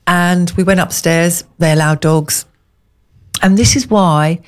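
A woman co-hosting a casual chat, telling rambling, animated anecdotes. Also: fairly low pitch. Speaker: co-host.

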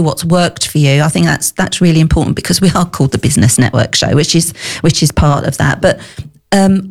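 A middle-aged woman hosting a business talk show, chatty with lots of fillers. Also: fairly low pitch. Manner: chatty, warm laughs, many fillers. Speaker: podcast host. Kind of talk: casual chat.

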